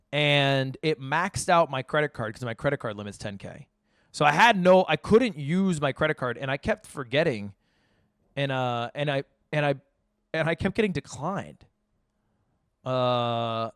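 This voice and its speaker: A man's voice: fairly high pitch, dry recording, clean studio sound. A man streaming live, chatting casually and rambling through jokes and stories to his chat. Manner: rambling, joking, talks to chat.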